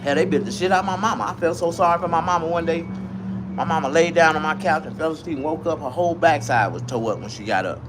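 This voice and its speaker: A man telling a comic story in a profane, rambling, animated way. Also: a little high, fast, noisy background.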